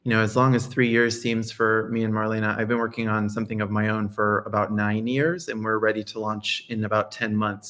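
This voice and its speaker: A man who works as a perfumer, a guest on a live stream, speaking thoughtfully with pauses. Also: lowish voice, fairly bright tone. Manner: thoughtful, hesitant, with many "um"s. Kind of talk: casual live-stream chat.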